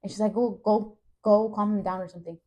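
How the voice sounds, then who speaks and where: A woman's voice: mid-range voice, steady tone, fast, mellow. A young woman co-hosting a podcast, telling a rambling story in casual chat with lots of fillers. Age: young adult. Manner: rambling, uses many fillers and acted quotes. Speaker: podcast co-host.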